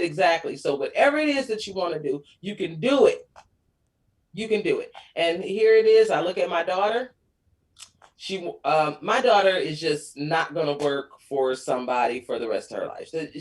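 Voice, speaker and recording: A woman in her forties sits in as a guest on a talk show and tells family stories in a relaxed, chatty way. She laughs often and acts out the lines she quotes. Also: lowish voice, normal speed. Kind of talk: casual chat.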